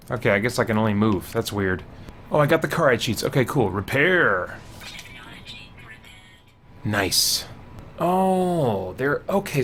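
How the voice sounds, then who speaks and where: A man's voice: medium pitch, slight background noise. Jumpy man narrating his gameplay. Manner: jumpy, excitable, easily startled. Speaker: gameplay commentator. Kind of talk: let's play commentary.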